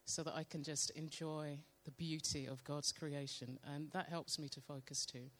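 Woman sharing devotional testimony, slow and meditative in delivery. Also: low-pitched. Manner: slow, calm, soft-spoken, meditative. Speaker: church member sharing testimony. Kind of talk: devotional testimony with guided prayer.

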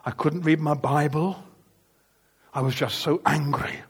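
An older man telling a story in a sermon, shifting between quiet asides and loud, laughing outbursts. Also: a little high, steady tone, measured pace, slightly rough. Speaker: preacher.

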